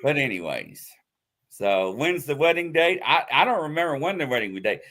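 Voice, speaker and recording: A man hosting a live show in casual chat, telling a story with loud acted-out quotes. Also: fairly high pitch, normal speed. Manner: animated storytelling, acts out quotes loudly. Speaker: host.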